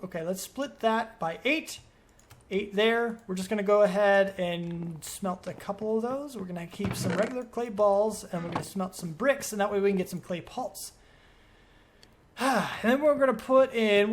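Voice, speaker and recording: A man's voice: high-pitched, slight background noise. A man giving let's play commentary as a gaming video creator, rambling and thinking aloud as he questions himself.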